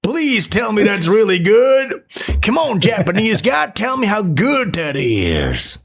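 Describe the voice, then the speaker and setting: A man's voice: high-pitched, wildly swooping pitch, slow, creaky, a bit bright, pitched above the performer's own voice, exaggerated voice. A man putting on a pushy, bragging American bro. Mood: boastful. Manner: pushy, begging for approval.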